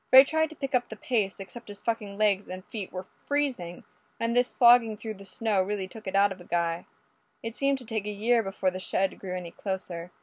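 A woman narrating a story aloud in a lively, expressive way. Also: mid-range voice, dry recording. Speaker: audiobook reader.

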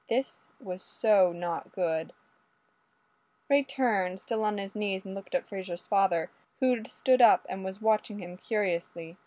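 A woman narrating a story in an even, steady way. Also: mid-range voice, no room sound. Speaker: story reader.

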